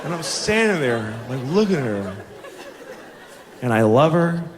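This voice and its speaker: A man in his forties tells stand-up stories in a slightly high, very lively voice that climbs and drops all over. He swears freely and mocks himself in exasperation. A laughing crowd and steady noise fill the live recording. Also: measured pace. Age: 40s. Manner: animated, profane storytelling full of exasperated self-mockery. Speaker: stand-up comedian. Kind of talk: stand-up comedy. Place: stage before a laughing audience.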